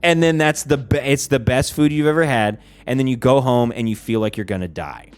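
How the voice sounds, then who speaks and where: A man talks off the cuff on a livestream in a mid-pitched voice. He rambles, swears often and fills his sentences with "like", circling back to restart his thoughts. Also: brisk, soft background music. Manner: rambling and profane, heavy use of "like". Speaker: streamer. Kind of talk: casual livestream chat.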